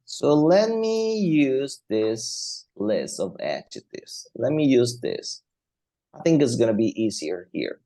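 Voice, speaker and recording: Slow, mellow-voiced male English teacher. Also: mid-range voice, sing-song. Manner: slow, repetitive, thinking aloud. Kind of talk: classroom grammar lesson.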